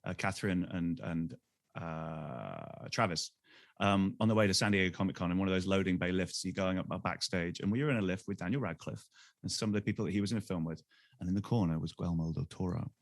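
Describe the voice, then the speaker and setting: A man talks quickly through his stories, animated, acting out the people he quotes. The recording is dry and close, with no room sound. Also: low-pitched, creaky, no room sound. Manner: animated anecdotes, acts out quoted voices. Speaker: podcast co-host. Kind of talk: casual storytelling chat.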